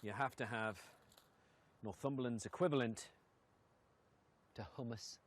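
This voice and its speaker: A man's voice: on the low side, animated, a little fast, breathy edge. A middle-aged man with a Northumbrian accent, presenting and telling comic stories casually outdoors, slipping in and out of local dialect. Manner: chatty, comic, slips into dialect. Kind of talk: casual storytelling to camera.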